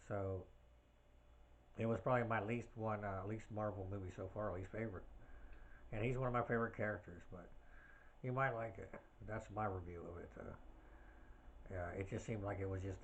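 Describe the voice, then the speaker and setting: Rambling low-voiced man hosting a podcast. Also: slight background noise. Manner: rambling, tangent-filled talk with many fillers. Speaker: podcast host. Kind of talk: casual solo podcast chat.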